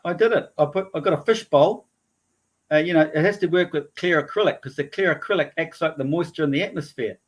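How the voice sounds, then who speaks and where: Man, somewhat high voice, excitable, casual panel talk. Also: a little fast. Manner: excitable, trailing off mid-sentence. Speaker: guest presenter.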